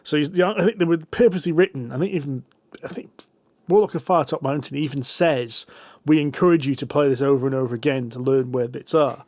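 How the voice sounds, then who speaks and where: A man's voice: mid-range voice, fairly quick, darkish tone, no room sound. A man co-hosting a casual podcast, eagerly explaining a point. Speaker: podcast co-host. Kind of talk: casual chat.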